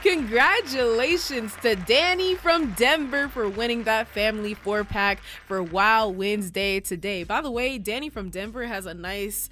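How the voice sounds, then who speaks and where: A woman's voice: medium pitch, moderate pace, hardly any pauses, a bit bright, slight background noise. A woman radio DJ chatting on air in an effusive, emotional way, announcing a contest winner. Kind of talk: casual radio chat.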